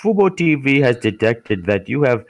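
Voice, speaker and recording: A stiff, scripted male call-center agent, as a podcaster puts him on, reading out policy in a formal, overly polite way. His voice sits noticeably higher than the speaker's natural one. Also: very animated, normal speed, dry recording.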